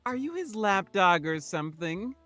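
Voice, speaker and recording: A man's voice: high voice, big pitch swings, normal speed, sharp tone, soft background music, heavily acted. A man voicing a sneering young male soldier with a taunting manner. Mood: mocking.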